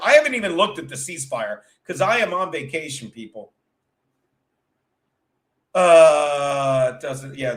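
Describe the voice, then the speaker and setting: A man hosting a livestream, telling a rambling, profane comic story and chatting with viewers as he goes. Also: on the high side. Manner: profane, tumbling, self-interrupting; chats with live viewers. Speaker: livestream show host.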